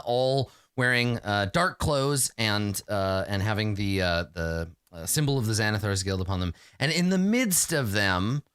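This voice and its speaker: A man narrating a tabletop game as game master, halting with many fillers. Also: mid-range voice, smooth, no echo, studio quality. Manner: lively, halting narration full of fillers, slips into character voices.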